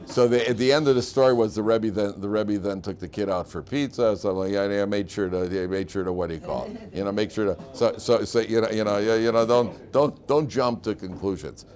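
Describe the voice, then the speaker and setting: A man's voice: lowish voice, fairly quick, hardly any pauses, a little mellow. A middle-aged man, a rabbi teaching a class, telling stories in a chatty, repetitive way and asking his students questions. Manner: chatty storyteller, repeats phrases, asks the class questions. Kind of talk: conversational classroom lecture with stories.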